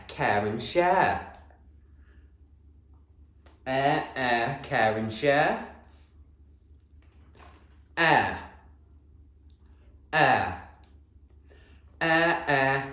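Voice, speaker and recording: A man teaching a phonics lesson to young children, slowly sounding out letters in an encouraging, sing-song way. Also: medium pitch, expressive, fairly bright tone, reverberant. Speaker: primary school teacher.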